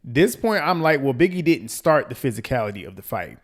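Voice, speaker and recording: A man hosting a reality TV recap, ranting in a blunt, profane, animated way and repeating lines for emphasis. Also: medium pitch, fairly quick. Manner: quotes people in mimicking voices. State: out of breath. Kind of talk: casual commentary recap.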